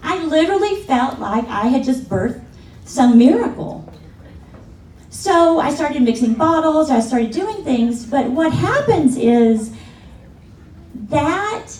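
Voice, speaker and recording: A middle-aged woman gives a keynote talk from the stage, with a high voice that swoops and leaps as she tells her story. She acts out the people she quotes and laughs along. The sound is roomy and distant, with a faint hum of the hall behind her. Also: darkish tone. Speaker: keynote speaker. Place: large conference hall. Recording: echoey hall from afar, faint room noise.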